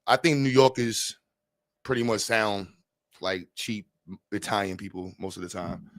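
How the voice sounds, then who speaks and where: A man's voice: lowish voice, measured pace, pauses often, a bit bright, dry recording, studio quality. A man from New York streaming live and chatting casually, joking, cursing and laughing often.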